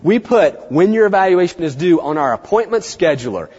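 A middle-aged man giving a seminar talk to an audience, chatty and animated, acting out the people he quotes. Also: high-pitched, fairly quick, breathy edge. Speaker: veterinary practice speaker. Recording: muffled, dull sound in a reverberant hall.

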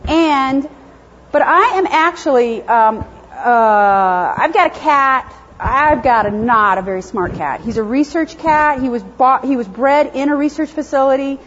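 A woman with a high-pitched, animated, fairly bright voice lectures unhurriedly on animal behavior at a conference, answering audience questions. She is chatty, self-deprecating, and laughs often, while the dull lo-fi recording carries slight background noise.

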